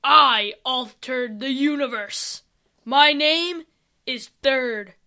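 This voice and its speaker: A woman voicing a menacing male king of ice, speaking in slow, deliberate pronouncements. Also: sits high, bright, forceful tone, heavily acted.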